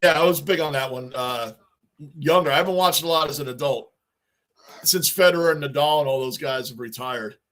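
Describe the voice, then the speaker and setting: A middle-aged man talks casually on a livestream, reading chat messages and answering them. His voice sits a little high for a man. He rambles and circles back, repeating his points. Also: fairly quick, fairly bright tone. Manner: talkative, reads and answers chat, repeats himself. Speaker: livestream host.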